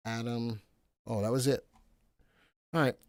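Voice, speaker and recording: A man hosting a live stock analysis stream, animated, thinking aloud and repeating his own phrases. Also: mid-range voice, a little slow, no room sound, studio quality. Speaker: stock market show host.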